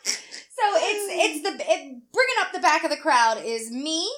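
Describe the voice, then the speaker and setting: High, bright-voiced woman telling a story. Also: a little slow. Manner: animated storytelling, acting out others' voices, profane. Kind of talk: casual chat.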